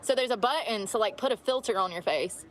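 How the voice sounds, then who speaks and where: Woman vlogger, car chat, brash and chatty, a bit high-pitched. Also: a little fast, a little hiss or hum. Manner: blunt, chatty, swears freely. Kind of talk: casual chat while driving.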